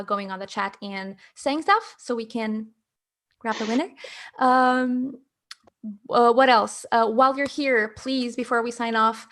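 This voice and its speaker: A fairly high-voiced woman hosts a live art stream in a bright, chatty manner. She plugs courses and runs a giveaway in a casual way, with a gravelly edge at the ends of her phrases. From Canada. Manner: upbeat, chatty, promotional. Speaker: livestream host.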